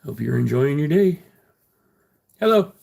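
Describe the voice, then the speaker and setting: A man's voice: fairly high pitch, very animated, a little slow, creaky, darkish tone, husky. A man hosting his own livestream, chatting casually with viewers and answering their comments bluntly, with frequent swearing. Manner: defensive, blunt, swears freely. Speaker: livestream host.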